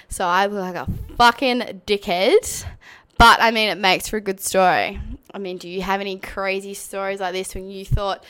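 A young woman telling a story in a casual, animated way, full of swearing and fillers like "like". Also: mid-range voice. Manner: profane, animated, uses many fillers.

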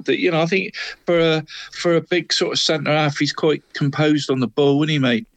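A man's voice: fairly high pitch, steady tone, moderate pace, no echo. A man co-hosting a local football podcast, chatting in a rambling way and tagging lines with "mate". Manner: rambling, says "mate" and "Deeks" constantly. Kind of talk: casual football chat.

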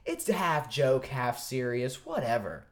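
A man's voice: medium pitch, slow. Swearing, stammering podcast guy telling a story. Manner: profane, animated, stammers and restarts a lot. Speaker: podcast co-host. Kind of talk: casual storytelling chat.

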